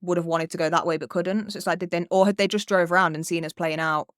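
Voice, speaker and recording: A young woman, a podcast co-host, telling a story in casual chat, animated and swearing freely. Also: lowish voice, fast talker, no echo, studio quality.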